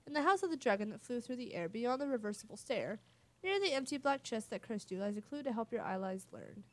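A woman's voice: on the high side, sing-song, fast talker. A woman voicing a mystical adult male fortune-teller who speaks in a solemn, portentous way.

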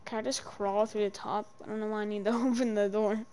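A young woman streaming a game, chatting casually, swearing and yelling in panic between low mutters. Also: level tone, quick pace, slight background noise. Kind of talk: casual gameplay chat.

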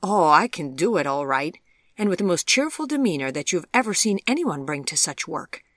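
A man's voice: on the high side, big pitch swings, fairly quick, fairly bright tone, no echo, studio quality. A narrator voicing a charming, eager young man with a Sheffield accent, cheerful and teasing in an audiobook. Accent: Sheffield English.

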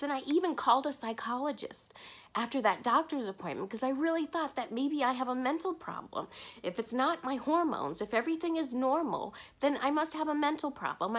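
A woman talking candidly to camera in a personal confessional vlog, halting at times with restarts and soft breaks. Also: high-pitched. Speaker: vlogger.

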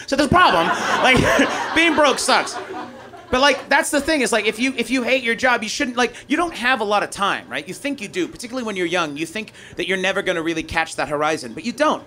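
A man from North America doing a loud, profane, ranting stand-up comedy set on a club stage. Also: high-pitched, animated, fast, background noise.

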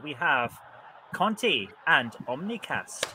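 A man's voice: mid-range voice, very animated, normal speed, pushed and bright, slight background noise. A man hosting a playful online quiz show, with theatrical announcer flourishes and frequent laughter. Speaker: quiz host.

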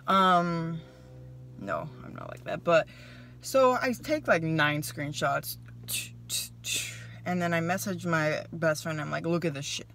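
A woman's voice: sits low, unhurried, a little hiss or hum. Chatty young woman telling a story. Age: young adult. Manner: animated, chatty, voices her own quotes. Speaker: vlogger. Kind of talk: casual storytelling to camera. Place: car.

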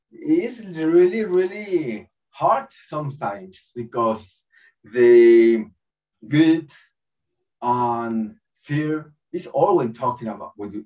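A man giving a spiritual talk with prayer, halting and searching for words in a second language, chuckling often between thoughts. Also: medium pitch, darkish tone. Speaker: spiritual teacher. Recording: dull, distant lo-fi call audio.

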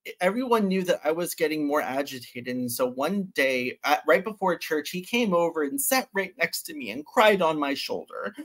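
A man as an interview guest, retelling a personal story in an animated, intense way with sudden loud bursts. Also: a little high, normal speed, hardly any pauses.

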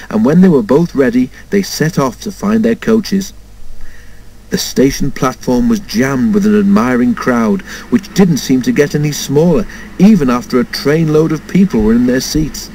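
A man reading a children's storybook aloud in an expressive way, doing all the character voices himself. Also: medium pitch, moderate pace, rough recording. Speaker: storybook narrator.

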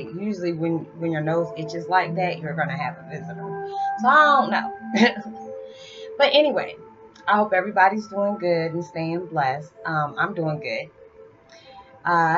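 Low-voiced lady rambling on her vlog, kinda muffled, music playing behind. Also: normal speed. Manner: rambling, heartfelt, confiding. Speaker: vlogger. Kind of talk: casual spiritual vlog talk. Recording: slightly dull lo-fi sound with music behind.

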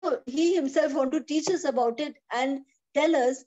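A woman's voice: high-pitched, normal speed, warm tone. A woman teaching the Bible on a video call. She is emphatic, repeats her phrases and asks rhetorical questions. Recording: dull lo-fi video call audio.

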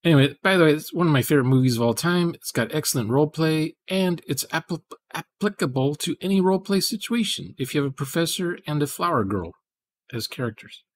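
This male host of a coding livestream has a fairly high voice, lively intonation and a quick pace. He rambles in casual conversation, muttering to himself as he writes code.

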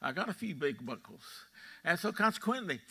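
Folksy old Texan pastor, bright voice. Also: male voice, high-pitched, sing-song, brisk, husky. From Texas. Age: 80s. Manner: folksy storytelling, quizzing the congregation. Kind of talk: sermon. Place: church sanctuary.

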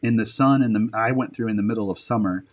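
A man's voice: lowish voice, fast talker. A man telling stories as a podcast guest, rambling, swearing casually and correcting himself mid-sentence. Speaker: podcast guest, military dog handler. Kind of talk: casual interview storytelling.

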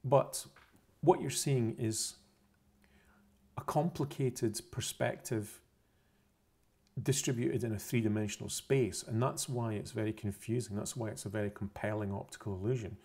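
A man's voice: fairly low pitch, moderate pace, darkish tone, slightly rough. A man explaining a science topic over pictures, unscripted, methodical and repetitive, often correcting himself mid-phrase. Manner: methodical, repeats points, self-corrections.

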